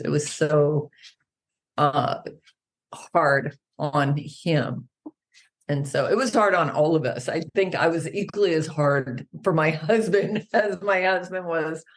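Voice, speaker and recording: A woman animal naturopath, a podcast guest, who tells stories in a lively way and acts out the people she quotes. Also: low-pitched. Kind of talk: casual podcast conversation.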